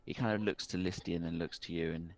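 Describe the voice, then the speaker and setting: A man's voice: low voice, steady tone, quick pace. A man narrating a tabletop game as game master, meandering and full of fillers.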